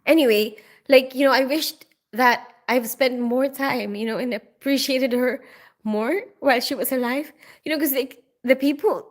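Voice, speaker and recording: A woman's voice: sits high, moderate pace. A woman hosting a casual live stream, greeting viewers by name and chatting through their questions with frequent giggles. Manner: giggly, laughs often.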